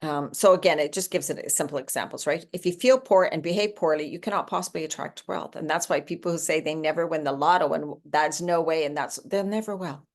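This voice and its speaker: A woman in her sixties speaks in a low voice, relaxed and conversational. Her talk is encouraging and motivational. Now and then she slips into playful quoted voices. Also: a little fast, hardly any pauses. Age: 60s. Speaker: host giving a morning talk.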